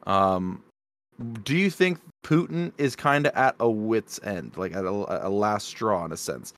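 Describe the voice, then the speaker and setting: A man's voice: lowish voice, lively intonation, unhurried, fairly bright tone, no room sound. A man co-hosting a casual podcast, talking earnestly with lots of ums and restarts. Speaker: podcast co-host. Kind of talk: casual drinking chat. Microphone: podcast mic.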